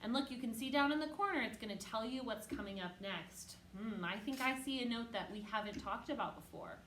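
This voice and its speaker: A woman's slightly high voice moves a little fast as she teaches young children music online, patiently encouraging them and chanting rhythm syllables loudly for them to copy. The room is echoey, and there is slight background noise.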